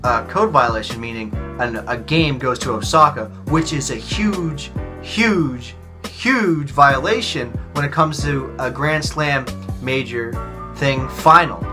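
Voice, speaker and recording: A man's voice: mid-range voice, slow pace, over music. A man hosting a reaction video who explains a tennis match step by step in a chatty way, often saying "like". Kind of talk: casual commentary.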